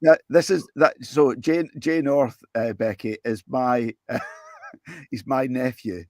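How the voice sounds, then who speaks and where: A man's voice: medium pitch, slow pace, dry recording, clean studio sound. A man hosting a podcast, asking short questions in casual chat. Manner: brief prompts and laughter. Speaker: podcast host.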